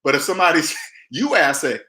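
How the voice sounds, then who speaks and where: A man giving emphatic personal finance advice straight to camera, mimicking people with big jumps in pitch. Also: very animated, a little fast, sharp tone, roomy sound. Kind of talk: direct-to-camera advice talk.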